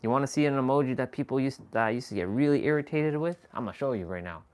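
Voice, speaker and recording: Male streamer, mid-pitched, loose and slangy, rambles and chuckles to himself between thoughts. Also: quick pace, a little mellow. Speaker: live stream host. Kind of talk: casual chat.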